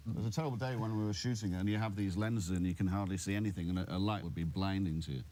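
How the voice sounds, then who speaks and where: A man telling an animated story in an interview, laughing as he goes. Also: sits low, very fast, slight background noise. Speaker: actor interviewee. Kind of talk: casual interview chat.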